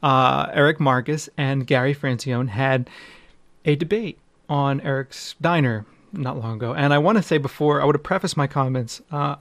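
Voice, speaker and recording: A man's voice: medium pitch, fairly bright tone, no room sound. A man co-hosting a casual podcast, joking and talkative with his co-host.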